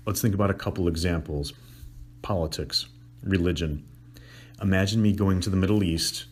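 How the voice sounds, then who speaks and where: A middle-aged man, a couples counselor, teaching with animated, acted-out emotional examples and sound effects. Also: sits low. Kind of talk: explanatory teaching talk.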